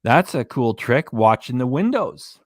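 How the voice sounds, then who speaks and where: A man's voice: mid-range voice, sing-song, measured pace. A man hosting a casual livestream from a small apartment, reading viewer comments aloud and chuckling between them. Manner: chatty, chuckles often, reads chat aloud. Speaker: livestream reaction host.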